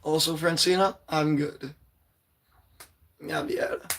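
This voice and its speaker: Hoarse teen guy rambling on his live stream, voice kinda shot, keeps clearing his throat. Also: on the high side, little pitch movement, unhurried, slight background noise. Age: teens. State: hoarse, voice strained from screaming. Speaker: livestream poetry host. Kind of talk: casual livestream chat.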